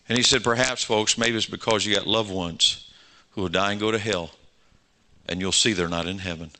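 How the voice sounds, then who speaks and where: A man's voice: fairly low pitch, pushed and bright. A pastor in his sixties, preaching a sermon and telling stories with acted-out dialogue, building to fervent exhortation.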